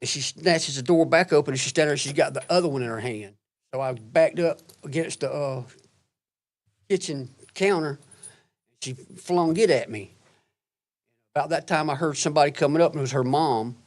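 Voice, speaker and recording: A man giving courtroom testimony in a halting, plain-spoken way, recounting events step by step. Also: fairly high pitch.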